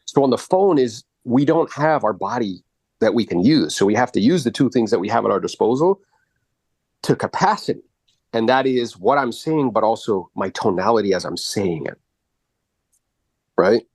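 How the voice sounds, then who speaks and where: A man coaching after a live role-play call, blunt and animated, swearing freely and jumping into exaggerated voices to act out quotes. His voice sits fairly low and sounds close and dry, with no room echo. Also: normal speed, breathy edge. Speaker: real estate coach and podcast host.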